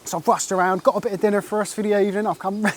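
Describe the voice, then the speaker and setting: A man, telling an excitable and rambling fishing story in a casual interview, full of "like" and "mate". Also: sits high, very fast. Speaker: carp angler recounting a catch.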